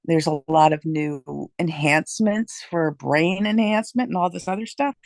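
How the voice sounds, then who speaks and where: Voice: mid-range voice, moderate pace, vocal fry, no echo. A participant in a casual group discussion, talking in a rambling, loose way with many fillers.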